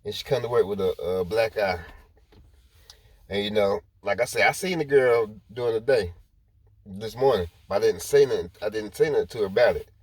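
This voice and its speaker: A man's voice: lowish voice, a little fast, slightly rough, no room sound. A man rambling through a personal story to his viewers in casual talk, repeating himself as he goes. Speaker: vlogger.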